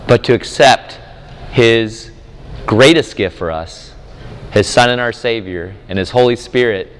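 Speaking slowly in a lowish voice, a conference speaker who also serves as a campus minister weaves a family story into his sermon. He acts out his small daughter's voice with animation, and the conference hall gives the recording a long, echoing reverb.

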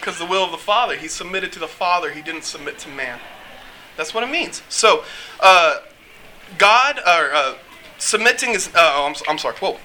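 A man preaching a casual, joking sermon, acting out quotes with lively energy. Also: sits high, normal speed, slight background noise, rough recording. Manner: animated, joking, acts out quotes.

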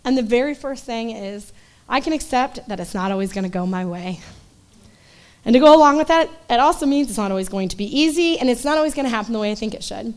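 A woman in her forties giving a conversational sermon to a church group, animated and acting out voices in asides. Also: a little high, quick pace, clean tone. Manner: animated, acts out quoted voices, loose asides. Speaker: church speaker.

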